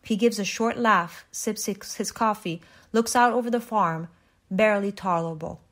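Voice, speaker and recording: A woman reading a short story aloud in an even, measured way, with small restarts. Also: mid-range voice. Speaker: reader.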